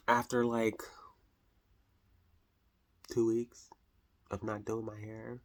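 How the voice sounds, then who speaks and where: A woman vlogging casually to camera, chatty and expressive, often calling viewers honey. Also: extremely low pitch, unhurried, pauses often.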